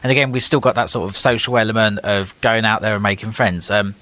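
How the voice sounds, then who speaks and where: A man's voice: fairly low pitch, fairly even intonation, fast, pushed and bright. A man with a British accent, a guest in casual conversation, explaining at length with frequent ums and repeated words.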